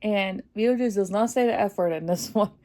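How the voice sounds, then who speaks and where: A woman giving a casual, excited movie review, chatty and full of fillers, laughing often. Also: medium pitch, fairly quick. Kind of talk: casual spoiler review vlog.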